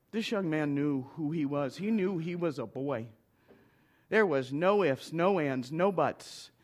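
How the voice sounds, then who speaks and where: A man, a minister, telling a personal story to an audience with heartfelt emphasis and short punchy phrases. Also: on the high side.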